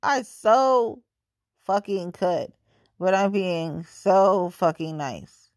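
A woman's voice: mid-range voice, lively intonation, drawn-out words, darkish tone, no room sound, studio quality. A woman venting in a profane, exasperated monologue.

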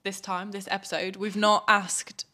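A woman's voice: medium pitch, flat delivery, measured pace, pushed and bright. A young woman from South Africa co-hosting a podcast in casual, rambling chat with frequent laughs. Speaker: podcast co-host. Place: studio.

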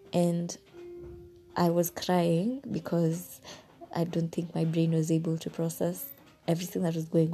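Slow-talking woman telling a story. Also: on the low side, vocal fry, husky. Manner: animated, exasperated, swears freely. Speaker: podcast host. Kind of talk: casual storytelling to listeners.

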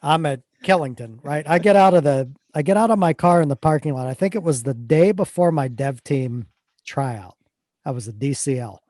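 Male podcast co-host, slightly high-pitched, animated raconteur, dry close recording. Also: moderate pace, no echo. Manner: animated storyteller, stumbles and repeats words. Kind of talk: casual chat.

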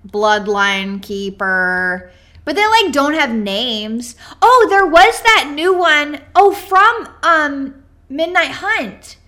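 A woman's voice: high voice, sing-song, takes it slowly, bright, forceful tone. A woman co-hosting a podcast in casual chat, upbeat and giggly, with lots of "like". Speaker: podcast co-host. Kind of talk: casual chat about a card game.

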